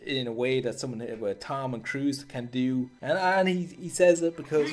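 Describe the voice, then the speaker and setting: A man hosts a casual comic recap of a film scene. His talk rambles and leans on slang, circling back to the same phrases. His voice sits at an ordinary pitch, with faint music underneath. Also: steady tone, normal speed, few pauses. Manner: rambling, slangy, repeats himself. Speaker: host of a film commentary series.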